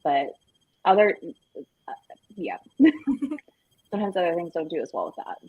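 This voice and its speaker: A woman's voice: on the low side, expressive, normal speed, breathy edge, phone-quality sound. A woman on a live book discussion panel who explains her points with many "like"s.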